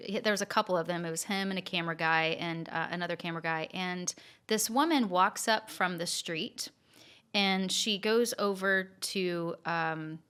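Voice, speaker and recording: A woman co-hosting a podcast, telling a story in a lively, chatty way with frequent fillers and restarts. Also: on the low side, clear, resonant tone. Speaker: podcast co-host telling stories. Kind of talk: casual storytelling chat.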